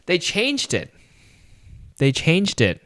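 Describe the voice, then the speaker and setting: A man co-hosting a podcast, chatting casually about a film, animated and laughing often as he acts out lines. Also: fairly high pitch, slow. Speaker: podcast co-host. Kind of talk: casual movie review chat.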